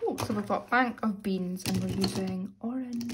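A young British woman, a little hoarse, chatting casually as she counts out cash for her weekly budget. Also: medium pitch, normal speed, few pauses, noisy background. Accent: British English. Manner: chatty, self-narrating, counting money aloud. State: slightly hoarse, losing voice. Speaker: budgeting vlogger. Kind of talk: casual chat while cash stuffing.

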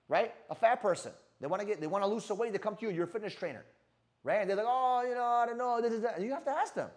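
Fast, animated man coaching sales. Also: high voice. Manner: brash, swears, keeps asking "right?". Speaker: sales trainer. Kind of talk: energetic sales coaching talk.

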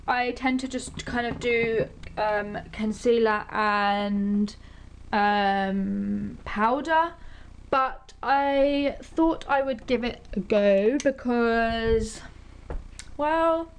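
A young woman from England chats to her camera in a light, slightly high voice. She rambles happily between asides in a relaxed beauty vlog. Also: a little hiss or hum. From Britain. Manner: chatty, rambling, bubbly, quick asides. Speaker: beauty vlogger. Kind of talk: casual vlog chat to camera.

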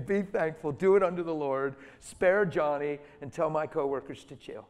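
A middle-aged man preaching a sermon through stories, dropping to hushed tones and then rising to loud, emphatic lines. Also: fairly high pitch, moderate pace, few pauses, clear, resonant tone. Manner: storytelling, swings from soft and hushed to loud and emphatic. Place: church hall. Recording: reverberant hall.

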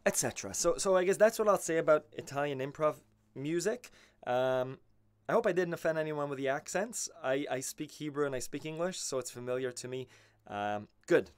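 A man teaching accordion on a weekly live stream, explaining musical ideas loosely, with halting restarts, and answering viewers' questions. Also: a little high, animated, smooth.

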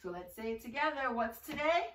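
A woman teaching young children in a slow, sing-song, encouraging way, often breaking into short songs. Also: high voice, expressive, a bit bright, recorded from a distance. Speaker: preschool teacher. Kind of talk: online circle-time lesson for young children. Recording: echoey room, voice a bit off-mic.

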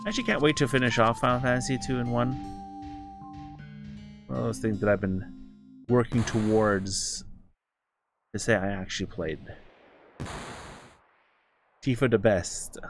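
A man's voice: medium pitch, measured pace, creaky, pauses often, faint music behind. A man streaming a game live, chatting casually in a rambling, self-correcting way. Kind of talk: casual live gaming commentary.

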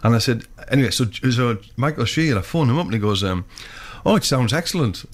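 A man's voice: medium pitch, animated, quick pace. A man, a filmmaker guest telling long, rambling anecdotes in casual chat. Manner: rambling storyteller, many restarts.

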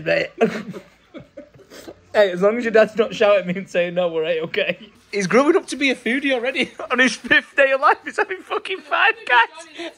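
A man chatting excitedly in a casual vlog, gushing and laughing often. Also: high voice. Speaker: vlogger.

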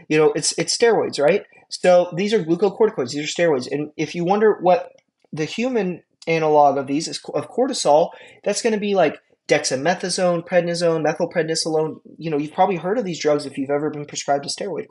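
A man's voice: on the high side, lively intonation, a little fast, darkish tone. Chatty man lecturing casually. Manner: chatty, informal, frequent fillers and acted-out examples. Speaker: EMT instructor.

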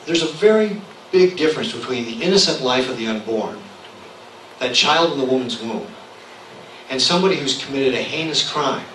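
A man answering as a candidate in a public debate, measured and assertive. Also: medium pitch, a bit bright. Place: public hall. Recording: echoey room from far off, faint noise.

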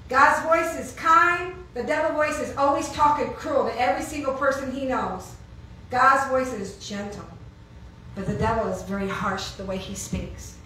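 High bright woman preaching in echoey room. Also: slight background noise. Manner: questions and answers with the audience, emphatic. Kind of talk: informal sermon to a congregation. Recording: echoey room, heard from far off.

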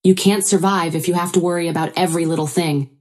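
Lady doing a cold dismissive husband, flat and scoffing. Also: fairly low pitch, fast talker, close to an everyday voice.

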